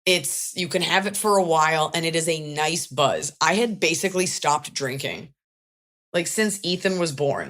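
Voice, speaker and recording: A woman with a notably low voice hosts a casual podcast. She tells stories in a wry, chatty way, with plenty of swearing and comic asides. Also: moderate pace, fairly bright tone. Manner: chatty, wry, profane storytelling. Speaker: podcast host and stand-up comedian. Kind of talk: casual comedic chat.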